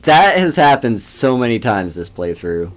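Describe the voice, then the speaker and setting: A man's voice: mid-range voice, sing-song, measured pace, soft background music. A man hosting a game stream, chatting casually and laughing often as he plays. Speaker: streamer host. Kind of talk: casual gaming chat.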